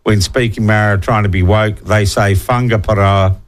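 Blunt New Zealand talk radio host. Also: male voice, lowish voice, little pitch movement, normal speed. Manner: blunt, irreverent, reads listener texts aloud. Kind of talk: opinionated talkback radio chat.

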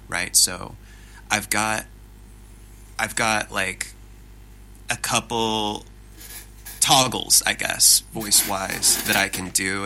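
Male voice actor, low but very bright tone, animated self-deprecating interviewee. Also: a little hiss or hum, low-quality recording. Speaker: interview guest. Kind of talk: casual interview talk.

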